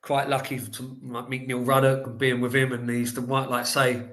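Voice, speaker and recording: A man on a podcast as a guest, telling animated, rambling anecdotes in casual chat with lots of "like". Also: mid-range voice, moderate pace, roomy sound. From England.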